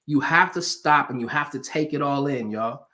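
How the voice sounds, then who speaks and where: A man giving an animated motivational talk to a live online audience, preacher-like, repeating phrases for emphasis and asking viewers for hearts and comments. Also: mid-range voice, moderate pace. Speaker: motivational speaker.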